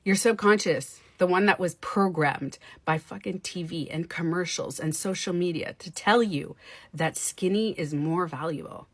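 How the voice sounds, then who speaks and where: An emphatic, profane woman co-hosts a podcast. Her voice sits a little low. It is recorded dry and close. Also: normal speed, no room sound. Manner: emphatic, profane, acts out quoted people. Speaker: podcast co-host. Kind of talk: casual opinionated chat.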